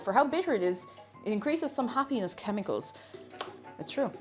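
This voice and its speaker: A woman live-streaming while she bakes, chatting casually. She bursts into excited squeals and shouts, then drops to soft mumbles and laughs. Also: fairly high pitch, moderate pace, long pauses, soft background music.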